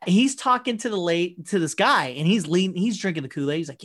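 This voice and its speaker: A man's voice: sits high, expressive, fast talker, hardly any pauses, a bit bright. Rambling, profane man telling stories. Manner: rambling storytelling, acts out quotes, swears freely. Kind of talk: casual chat.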